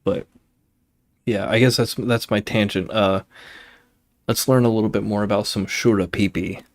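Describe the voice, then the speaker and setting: Low-voiced man rambling on a game stream. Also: steady tone, moderate pace. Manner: rambling, goes off on tangents; laid-back, swears casually. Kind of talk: casual chat while streaming a game.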